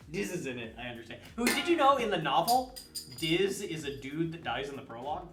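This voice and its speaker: A man co-hosting a casual live-streamed talk show, chatting in an animated way with sound effects and silly voices. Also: a little high, brisk, roomy sound, music in the background. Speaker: podcast co-host. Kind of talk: casual chat.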